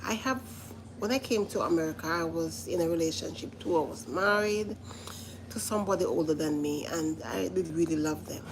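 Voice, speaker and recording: A woman's voice: fairly low pitch, moderate pace, background noise. A woman giving casual commentary to live viewers, earnest and repetitive, often stopping to say listen. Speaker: vlogger reacting to a reality show.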